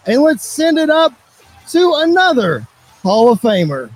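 High, lively male wrestling announcer. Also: measured pace, noisy background. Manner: excitable play-by-play announcing. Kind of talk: narrating an imagined wrestling show.

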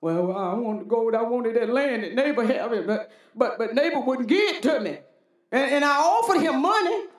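A sulking king, played by a woman preacher, whines like a spoiled child in a raised, pleading voice. The complaints climb higher as they go. A roomy church echo hangs around every word. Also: expressive, normal speed, natural voice. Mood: whining. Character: sulking whiny grown man king.

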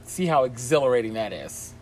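A man's voice: medium pitch, lively intonation, fairly quick, a little mellow, faint music behind, rough recording. A man co-hosting a podcast, chatting casually in a playful, jokey way and addressing the listeners directly. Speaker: podcast co-host. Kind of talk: casual chat.

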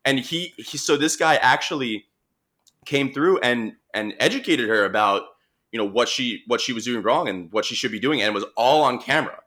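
A young man with a Long Island accent, telling a work story in a relaxed, chatty way, with lots of restarts and fillers. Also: medium pitch, normal speed. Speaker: marine mammal responder. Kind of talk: casual storytelling conversation.

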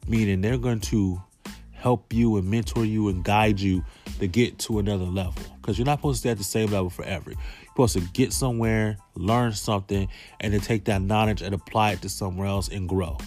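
Man comedian, low voice, rambling slangy riffs, faint music behind. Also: steady tone, a little fast, darkish tone. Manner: loose, rambling slangy riffing. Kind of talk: comedic monologue vlog.

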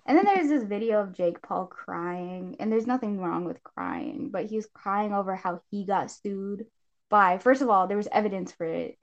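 A young woman co-hosting a podcast, rambling through casual gossip in an animated way. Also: medium pitch. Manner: rambling, animated, quick shifts into shrieking impressions. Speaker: podcast co-host. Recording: dull lo-fi sound.

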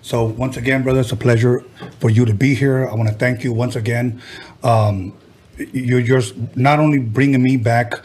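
Man, husky voice, easygoing interview host, short affirmations. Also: medium pitch, steady tone, normal speed, darkish tone. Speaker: podcast host. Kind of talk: interview questions. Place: Los Angeles area.

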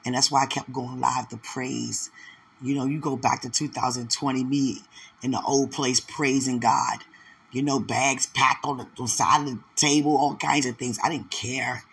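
Guy doing a live prophetic word, fry in his voice, gets worked up and loud at times. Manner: emotional, repetitive, building to excited high exclamations. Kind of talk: live-stream prophetic encouragement.

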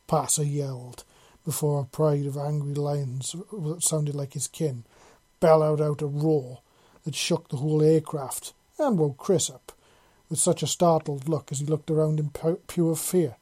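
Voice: mid-range voice, flat delivery, normal speed, dark tone, husky. A narrator reading a fan fiction story aloud in a casual way, correcting slips as they go. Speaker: audiobook narrator.

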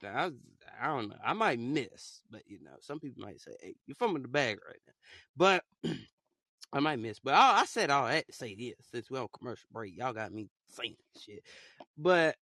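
A man's voice: mid-range voice, sing-song, moderate pace, pushed and bright, no room sound. A young man hosting a podcast in loose, casual chat, rambling in slang with lots of fillers. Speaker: podcast host.

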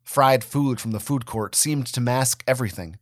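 A man's voice: medium pitch, moderate pace, no echo, clean studio sound. A man giving a dramatic first-person reading of a story. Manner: expressive, dramatic. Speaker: reader.

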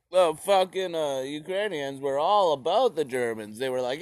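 A man's voice: fairly high pitch, lively intonation, moderate pace, hardly any pauses, dry recording, studio quality. A man giving a rambling, profane, jokey retelling of history, slipping into silly voices. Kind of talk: profane comic history rant.

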